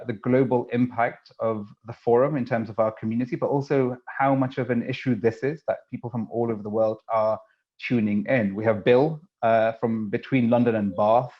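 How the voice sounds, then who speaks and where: A man's voice: fairly low pitch, highs cut off. A man hosting an online webinar, greeting attendees in a chatty way with many fillers and restarts. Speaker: webinar host. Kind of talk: casual live webinar hosting. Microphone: video call.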